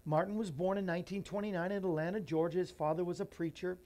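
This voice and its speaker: A man's voice: high-pitched, steady tone, quick pace. Emotional man reading a children's book. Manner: emotional, voice drops soft and near tears; earnest, folksy asides to listeners. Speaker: radio show host.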